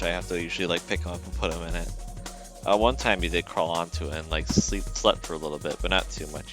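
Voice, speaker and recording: A man streaming as a game developer, chatting casually and teasing his dog at home. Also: sits low.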